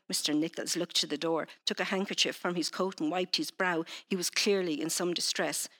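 A woman's voice: on the low side, brisk, hardly any pauses. A woman author chatting hesitantly on a panel, then reading narration from her novel. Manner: hesitant, many fillers in chat; steady when reading.

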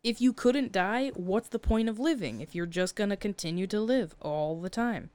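This is a young woman in easy conversation, recapping a story with plenty of filler words and frequent laughter. Her voice is smooth and clear. The sound is dry and close, with no room around it. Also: medium pitch, expressive, moderate pace, a little mellow, no echo. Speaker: podcast co-host. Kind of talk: casual chat.

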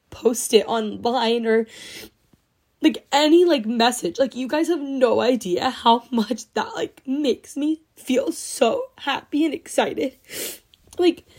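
A woman's voice: fairly high pitch, darkish tone. A young woman hosting her own podcast, talking in a casual, gushing way, full of "like", and close to tears. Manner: gushing, heavy use of "like", emotional and teary. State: teary, on the verge of crying. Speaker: podcast host. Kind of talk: casual solo podcast chat.

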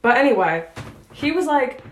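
A woman's voice: high-pitched, big pitch swings, moderate pace. A teenage girl co-hosting a podcast, telling a story in a giggly, rambling way. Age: teens. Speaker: podcast co-host. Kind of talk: casual chat. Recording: echoey room.

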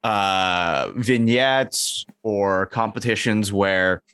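A man in casual chat, pitching comedy scenarios and acting out bits of dialogue. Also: extremely slow, fairly bright tone, clean tone, no room sound.

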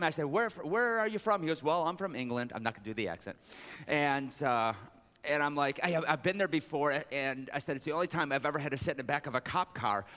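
A man preaching a sermon as pastor, joking with the congregation between scripture readings. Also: fairly bright tone. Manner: jokey asides, reads scripture with raised pitch. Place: large church sanctuary. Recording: long hall reverb.

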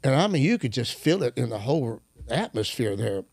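A man as a guest minister telling a testimony in casual conversation, animated, with halting restarts as he searches for words. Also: medium pitch, creaky, dry recording. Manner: animated, acts out quoted dialogue.

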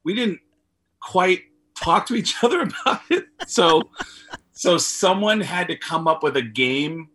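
A middle-aged comedian telling a profane, animated story as a guest over a video call, laughing often. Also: male voice, high voice, measured pace, slight background noise. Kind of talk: casual storytelling.

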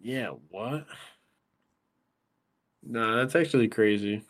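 A man co-hosting a podcast in casual chat, laid-back and profane, mostly chiming in with quick short reactions. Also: mid-range voice. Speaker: podcast co-host.

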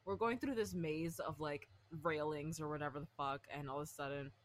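Animated woman in her twenties, storytelling. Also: low-pitched, fairly quick, slight background noise. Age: 20s. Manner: animated, filler-heavy, swears freely. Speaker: podcast co-host. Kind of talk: casual storytelling chat.

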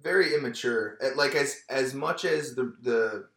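Casting: young male podcast guest, easy storyteller, mid pitch, echoey room. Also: normal speed. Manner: candid, relaxed storytelling. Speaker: podcast guest, military veteran. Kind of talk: casual conversation.

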